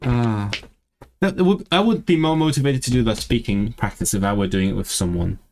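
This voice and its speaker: A young man with a voice of ordinary, middle pitch, chatting casually on a livestream as he works through a language course. He talks in loose, rambling bursts, often breaking off mid-word to restart, and reads lesson sentences aloud along the way. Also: moderate pace, a little mellow, a little hiss or hum. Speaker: streamer studying a language.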